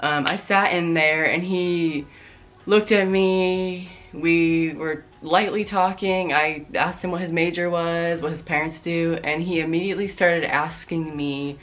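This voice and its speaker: A young woman with a notably low-pitched voice recounts a story vlog-style, swearing freely and adding sarcastic asides. Faint music plays softly underneath. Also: a little slow. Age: young adult. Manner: profane, sarcastic, animated retelling. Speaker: vlogger.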